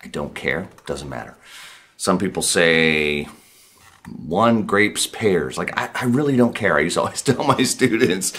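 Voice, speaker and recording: A man teaching a blues guitar lesson, speaking in a relaxed, reassuring way, repeating points for emphasis and counting beats out loud while he plays. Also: low-pitched, unhurried. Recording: guitar playing behind the voice.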